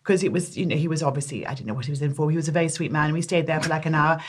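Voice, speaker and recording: Fast-talking English woman telling a story. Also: low-pitched. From England. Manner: lively storyteller who acts out quoted voices. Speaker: guest, makeup artist. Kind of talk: anecdotal storytelling in conversation.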